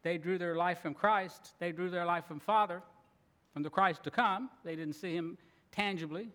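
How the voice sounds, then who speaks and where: A man preaching a sermon, earnest and expressive, now and then acting out grumbling voices. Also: high voice, moderate pace. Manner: earnest, acts out grumbling voices, laughs at times. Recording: long reverb of a large hall.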